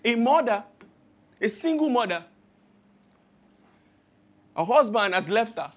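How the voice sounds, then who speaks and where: A Nigerian pastor with a very high voice preaches slowly with lively intonation. He tells stories and acts out the voices he quotes with rising emphasis.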